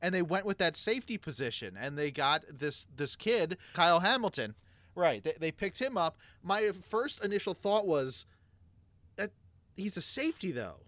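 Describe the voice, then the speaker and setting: A man co-hosting a casual sports chat, telling his story in a chatty way and getting loud when excited. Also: high-pitched, moderate pace, no echo. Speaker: podcast co-host.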